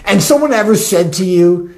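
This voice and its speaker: Speaking at a normal pace in a mid-range voice, a life coach gives an animated motivational talk. Along the way, they dramatize what the audience might be thinking inside their heads.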